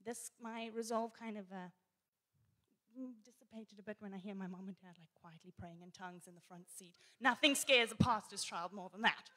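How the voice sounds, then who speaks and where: A woman, a pastor's daughter, telling a story in church in an animated way and laughing often. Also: medium pitch, moderate pace. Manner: animated, laughing as she tells it. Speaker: guest speaker, pastor's daughter.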